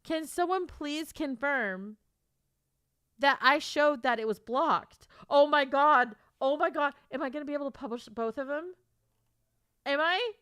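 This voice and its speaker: A woman author chatting live on her stream, excitable and swearing freely, repeating herself as she talks to viewers. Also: high voice, unhurried, dry recording, studio quality. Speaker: livestreamer and author. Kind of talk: casual live stream chat.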